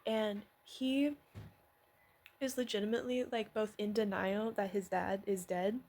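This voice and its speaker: Woman vlogger, unfiltered and rambling, excitable casual recap delivery. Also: medium pitch, unhurried. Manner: rambling, excitable, swears and laughs.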